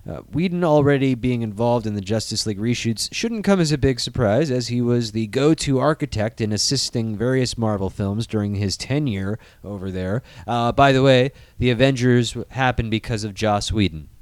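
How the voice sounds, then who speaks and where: A man's voice: medium pitch, moderate pace, few pauses, no room sound. A man hosting a podcast, casual and crude, joking and reading out film news with lots of fillers. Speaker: podcast host.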